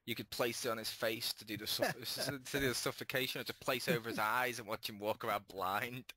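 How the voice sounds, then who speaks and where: A man's voice: mid-range voice, fairly even intonation, brisk, sharp tone, no room sound. A man co-hosting a casual gaming talk show, joking and spinning silly scenarios. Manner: jokey, spins silly scenarios, plugs friends' sites. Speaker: co-host.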